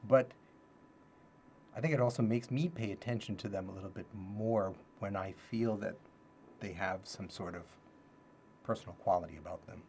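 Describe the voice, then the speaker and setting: Gravelly low-voiced man teaching on a livestream. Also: normal speed, pauses often, a little mellow, slight background noise. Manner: thinks aloud, repeats key phrases. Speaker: livestream host teaching self-development ideas. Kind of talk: casual livestream talk.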